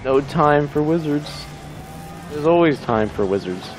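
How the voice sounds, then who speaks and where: A man's voice: fairly high pitch, animated, measured pace, noisy background. A man joking and laughing with friends during a gaming session. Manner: playful, laughing, teasing. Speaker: gamer on a group play session. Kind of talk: casual joking chat while gaming. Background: game music.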